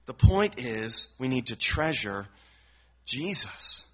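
A man's voice: mid-range voice, big pitch swings, slow, bright, forceful tone, husky. A man teaching through a Bible passage verse by verse, earnest and explanatory, often repeating words as he works through a thought. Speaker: preacher.

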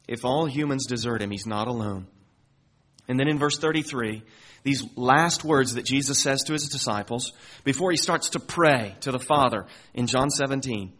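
A man's voice: medium pitch, a bit bright. A man preaching a sermon as pastor, earnest and building to emphatic peaks as he reads and explains scripture.

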